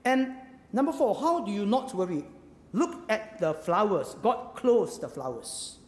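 A man's voice: high-pitched, measured pace. A man with a Singaporean English accent, preaching a sermon and firing rhetorical questions at his congregation. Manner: animated, asks the audience rhetorical questions. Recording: echoey hall with faint ambience.

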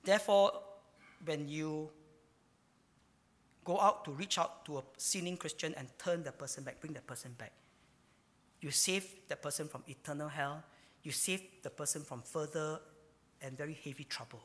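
A man preaching a sermon, swinging between loud emphatic lines and hushed ones. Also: a little high, normal speed, pauses often. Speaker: pastor. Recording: hall reverb.

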